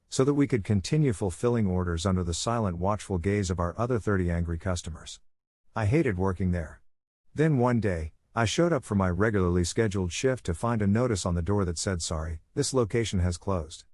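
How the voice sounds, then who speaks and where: A man with a fairly low voice reads fast-food worker stories aloud in a scripted narration. He lifts his pitch when quoting customers and coworkers. The sound is dry and close, with no room around it. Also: darkish tone, no room sound. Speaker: narrator reading online posts.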